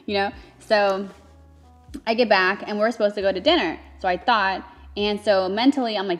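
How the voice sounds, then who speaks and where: Animated young woman telling a story. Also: mid-range voice, soft background music. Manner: animated, laughing often, quick to get emotional. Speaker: co-host recounting her engagement. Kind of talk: casual storytelling.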